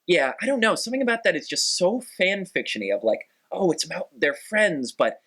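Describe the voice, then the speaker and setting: A man hosting a podcast chats in a rambling, animated way. His voice is bright and rises and falls a lot. He fills gaps with "um" and "like". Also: high-pitched, a little fast. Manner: animated, rambling, frequent fillers. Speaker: podcast host. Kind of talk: casual podcast chat.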